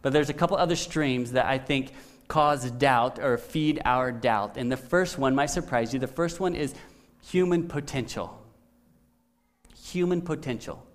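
A man's voice: medium pitch, normal speed. A male pastor preaching a sermon in a conversational way, often checking in with "right?".

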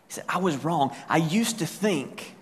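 A man's voice: on the high side, animated, moderate pace. Male pastor in an echoing hall. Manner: conversational, paraphrasing with asides. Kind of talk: sermon retelling a scripture story. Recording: long reverb of a church hall.

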